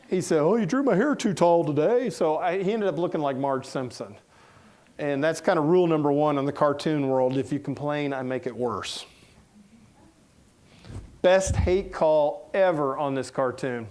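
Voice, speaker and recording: Folksy Southern man telling stories. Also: on the high side. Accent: Southern American. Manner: folksy, joking, animated anecdotes. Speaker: editorial cartoonist giving a talk. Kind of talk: casual storytelling talk. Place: lecture room before an audience.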